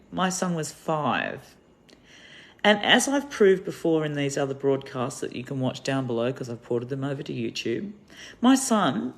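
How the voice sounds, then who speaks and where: A woman's voice: low-pitched, vocal fry. Indignant Australian woman ranting. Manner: indignant, rambling, emphatic storytelling. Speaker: activist vlogger. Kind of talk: monologue to camera.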